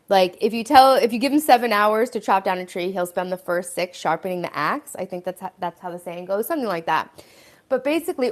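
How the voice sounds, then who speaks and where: A middle-aged woman hosting a casual live stream, rambling and chatty with lots of "like" and "you know" as she talks about her home. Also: medium pitch. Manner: rambling, chatty, many fillers. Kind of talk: casual live-stream chat while tidying.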